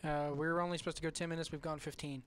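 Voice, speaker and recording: A man's voice: a little high, level tone, very fast, slight background noise. A man hosting a wrestling fan podcast, asking long loose questions and recapping with rambling restarts. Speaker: podcast host. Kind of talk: casual interview and recap.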